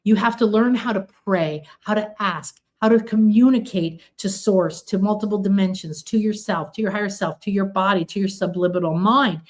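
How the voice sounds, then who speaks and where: A middle-aged woman, a spiritual healing teacher, gives a motivational talk in a mid-range voice at a moderate pace with few pauses. She's earnest, piling up long repeated lists and acting out quoted pleas.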